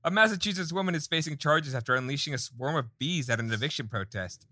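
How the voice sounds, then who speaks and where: A man's voice: a little high, fast talker, bright, forceful tone, no echo, studio quality. A man co-hosting a comedy podcast, reading joke setups with wry asides. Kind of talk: casual comedy banter, reading jokes.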